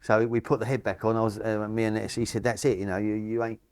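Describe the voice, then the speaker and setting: A man's voice: lowish voice, little pitch movement, fast, darkish tone, clear, resonant tone, no room sound, studio quality. A man recounting a rally breakdown in a plain, matter-of-fact way. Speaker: rally participant. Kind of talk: interview conversation.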